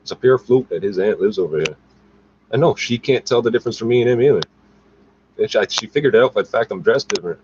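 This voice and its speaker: A man's voice: fairly low pitch, expressive, quick pace, darkish tone. A man in a rambling, agitated, profane monologue to his camera, recorded on the device's own mic. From Canada. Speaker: vlogger. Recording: dull lo-fi with faint noise.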